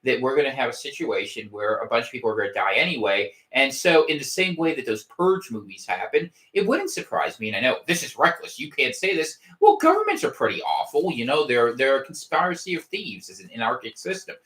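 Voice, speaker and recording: A man hosts a casual home livestream, his pitch swinging in a lively, animated way. He rambles through his points with wry gallows humor and often restarts his sentences. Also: brisk, few pauses. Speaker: podcast host. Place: home room.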